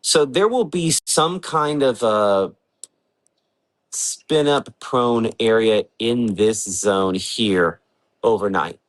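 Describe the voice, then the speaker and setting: Casual low-voiced male weather forecaster. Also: takes it slowly, poor audio. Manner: casual, thinks aloud with fillers while working the maps. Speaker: weather forecaster hosting a livestream. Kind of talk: live severe weather briefing. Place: home in the early morning.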